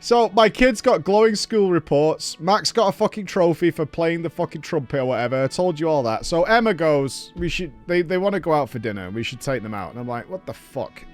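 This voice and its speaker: A man in his thirties chatting and ranting on a stream, swearing freely in an animated way. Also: on the high side, fairly quick, few pauses, soft background music. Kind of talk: casual stream chat.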